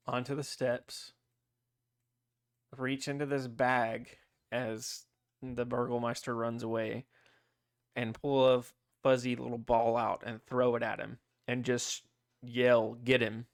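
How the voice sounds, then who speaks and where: A man's voice: medium pitch, level tone, takes it slowly, pauses often, smooth, no room sound, studio quality. A man playing in a tabletop game, eagerly describing what his character does. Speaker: player. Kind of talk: casual tabletop game chat.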